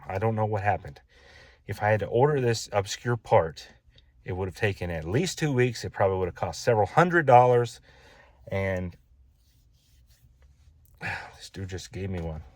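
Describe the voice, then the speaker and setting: A man's voice: lowish voice, dry recording. A man building his own house, telling a casual, exasperated story in a vlog and repeating his gripes.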